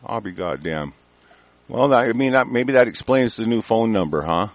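A man's voice: fairly low pitch, animated, normal speed, dry recording. Brief: cursing male host on a political rant, dry sound. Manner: angry, heavily profane, stumbling restarts. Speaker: talk show host. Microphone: conference call line.

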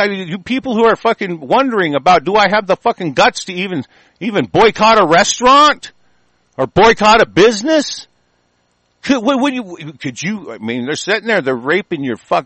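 A man's voice: high voice, fairly bright tone, dry recording, low-quality recording. Furious profane man ranting on radio. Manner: profane, furious, halting restarts. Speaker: radio host. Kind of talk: angry talk-radio monologue.

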